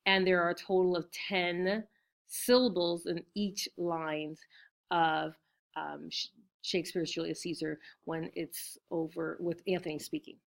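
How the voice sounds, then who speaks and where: A woman's voice: lowish voice, steady tone, measured pace, gravelly. A woman teacher giving a recorded lesson, explaining step by step with fillers and frequent "right?" check-ins.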